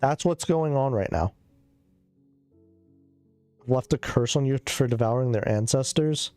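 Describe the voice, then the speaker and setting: A man's voice: mid-range voice, measured pace, a little mellow, no room sound, faint music behind. Sick, loopy man chatting on stream. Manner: loopy, rambling, swears a lot. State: sick, coughing. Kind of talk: casual chat.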